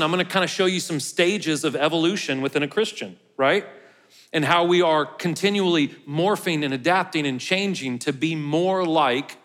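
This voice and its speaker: A pastor with a fairly high, fairly bright voice preaches to his congregation in a large church hall. His manner is casual and joking, and the recording has the hall's long reverb.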